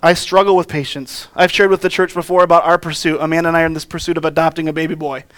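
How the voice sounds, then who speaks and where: A man's voice: a little high, level tone, rapid-fire, a bit bright, clear, resonant tone. A man in his thirties, a pastor, preaching a sermon in an earnest, conversational way with personal stories.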